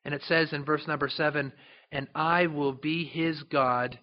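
A man preaching a sermon as a pastor, emphatic and slowing down to stress scripture. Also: fairly high pitch, fairly even intonation, muffled recording.

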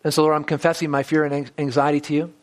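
Male pastor, high register, earnest sermon delivery in church, swells then drops low. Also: little pitch movement, rapid-fire. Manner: earnest preaching, building to emphatic peaks then dropping low.

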